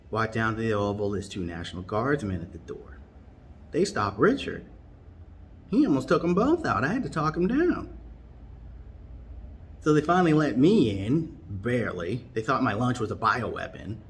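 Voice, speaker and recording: A man telling a tall comic story in a rambling, deadpan way. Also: fairly low pitch, normal speed, long pauses, slight background noise. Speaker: comedian.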